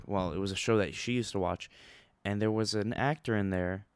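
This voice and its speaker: A young man telling a rambling, excitable story in a casual vlog, with many fillers and restarts. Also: fairly low pitch, brisk, smooth, dry recording, studio quality.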